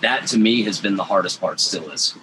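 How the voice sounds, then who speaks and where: A man's voice: lowish voice, brisk, noisy background. A man, a podcast guest, talking casually and emphatically. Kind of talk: casual chat.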